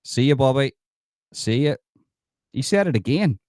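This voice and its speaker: An Irish man hosts a livestream, talking emphatically to viewers, reading out the chat, and repeating himself plenty. His mid-range, darkish voice is expressive at a moderate pace, recorded dry with clean studio sound.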